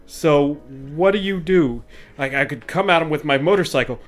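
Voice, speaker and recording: A man's voice: fairly high pitch, moderate pace, soft background music. A man on a podcast, chatting casually and retelling comedy sketches with playful put-on voices. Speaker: podcast co-host. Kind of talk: casual chat.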